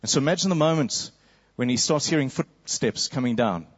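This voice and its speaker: A man's voice: medium pitch, expressive, brisk, dull audio. A man preaching a sermon, telling a story vividly and acting out a crowd's cries.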